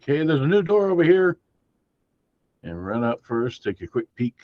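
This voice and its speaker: A man's voice: lowish voice, dry recording. Joking man on a dull lo-fi mic. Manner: joking, narrates his character's actions. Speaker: player. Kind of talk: casual tabletop play.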